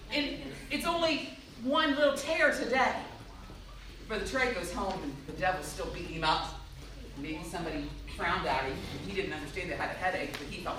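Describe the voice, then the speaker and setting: A woman's voice: fairly low pitch, moderate pace, slight background noise. A woman giving a church youth-group talk, acting out little voices as she goes. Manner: animated, acts out little voices. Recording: echoey room.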